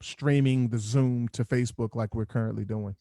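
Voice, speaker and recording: A man hosting a group video call, joking and chatty from a dark room at home. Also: medium pitch, fairly even intonation, moderate pace, no room sound, studio quality. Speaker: host. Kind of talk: casual video call chat. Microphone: headphones on a video call.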